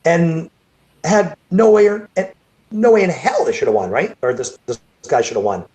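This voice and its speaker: A man's voice: fairly high pitch, big pitch swings, normal speed, a little mellow. A man, a bodybuilding show promoter, telling a rambling story over a video call, repeating words and restarting sentences. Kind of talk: casual storytelling interview.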